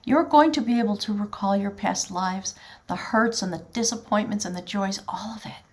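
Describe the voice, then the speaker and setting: A woman's voice: medium pitch, animated, normal speed, a little mellow. A woman gives a spiritual tarot reading, talking directly to her audience in an earnest, flowing manner. Her voice sits in an ordinary middle range for a woman, and she sounds heartfelt and sincere throughout. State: choked up with emotion at times. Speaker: tarot reader.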